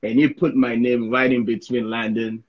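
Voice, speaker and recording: A man from Sierra Leone tells a story as an interview guest, with a husky, slightly breathy voice at a middling pitch. He keeps it casual and animated, repeating words and tagging "right?" onto his sentences. The recording sounds somewhat dull and lo-fi. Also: normal speed. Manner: lively anecdotal telling, frequent "right?" tag questions, repeated words. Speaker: interview guest, pro soccer player.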